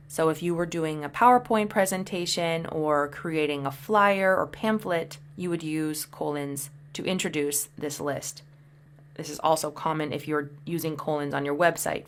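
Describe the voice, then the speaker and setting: A woman teaching English punctuation, patiently explaining each example and reading the sample sentences aloud. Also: sits low. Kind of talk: explaining grammar over slides.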